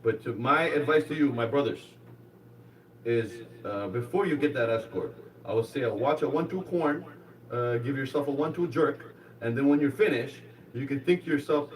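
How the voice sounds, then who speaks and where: Stand-up comedian with a halting, rambling delivery. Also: male voice, mid-range voice, far from the mic, low-quality recording. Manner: rambling, halting delivery that rises to excited shouting in stories. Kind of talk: live stand-up comedy set. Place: comedy club stage.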